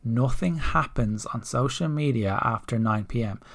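A man's voice: medium pitch, normal speed, vocal fry. A young man hosting a solo fitness podcast, talking earnestly with many restarts and repeated phrases.

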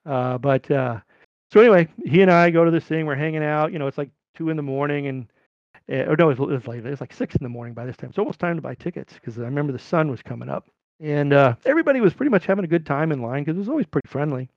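Gravelly middle-aged man telling a rambling story. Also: a little high, racing, dry recording, muffled recording. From California. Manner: rambling, animated when quoting people. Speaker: podcast guest. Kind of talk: casual storytelling.

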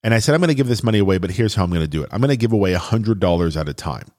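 A man's voice: lowish voice, expressive, rapid-fire, darkish tone. A man telling a personal story in an earnest, chatty way, with fillers and restarts, at times getting choked up.

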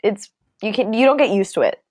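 A young woman co-hosting a casual chat, relaxed and giggly, reading out descriptions. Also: medium pitch, a little fast, no echo, studio quality. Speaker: co-host.

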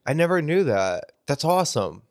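A man's voice: on the high side, sing-song, normal speed. A man co-hosting a podcast in casual chat, blunt and jokey, swearing freely. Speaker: podcast co-host.

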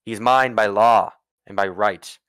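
A man voicing a new duke in a tabletop game, booming and commanding. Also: a little slow, a bit bright, clean tone, dry recording. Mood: stern. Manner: booming, indignant declarations.

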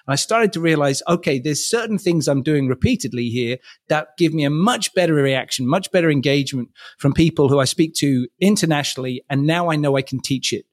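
A man being interviewed, telling long measured stories about his work as a communication trainer, often restarting his phrases. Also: fairly high pitch, no room sound, studio quality. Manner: measured storytelling with frequent restarts. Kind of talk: interview answers.

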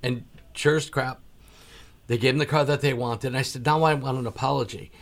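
A male talk show host with a gravelly, fry-edged voice at a middle pitch. He tells stories in a lively, casual way and acts out the people he quotes. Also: brisk. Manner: animated storyteller, acts out quoted exchanges.

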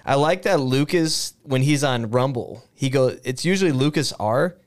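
A man's voice: medium pitch, lively intonation, moderate pace. Laughing young man on a podcast. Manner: laughs often, loose and joking, swears. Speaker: podcast co-host. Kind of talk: casual podcast chat.

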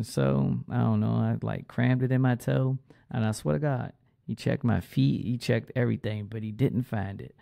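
A man's voice: mid-range voice, fairly even intonation, moderate pace, vocal fry, warm tone, no room sound, clean studio sound. A man casually telling a personal story in a loose, profane, slangy way.

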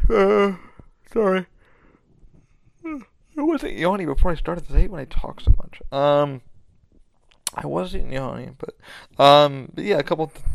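Gravelly-voiced man hosting a chatty podcast. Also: mid-range voice, no echo. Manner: loose and chatty, swears freely, many fillers and restarts. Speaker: podcast host. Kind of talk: casual rambling podcast chat.

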